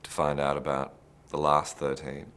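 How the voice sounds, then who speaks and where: Brief: very low-voiced man, interview, loose anecdotal delivery. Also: monotone, moderate pace, a bit bright, smooth. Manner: chatty, anecdotal, restarts phrases. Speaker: actor interviewee. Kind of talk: behind-the-scenes interview.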